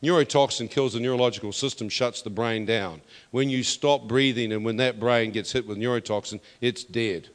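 A man preaching a testimony sermon, emphatic and building to loud declarations. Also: mid-range voice, moderate pace, few pauses. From New Zealand. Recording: long reverb of a hall.

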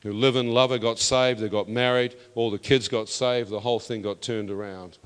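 A man preaching his testimony, his voice sitting at an ordinary middle pitch. He is emphatic and builds toward loud declarations. His voice rings with the long reverb of a large church hall. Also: fairly even intonation, normal speed, clean tone. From New Zealand. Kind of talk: testimony sermon.

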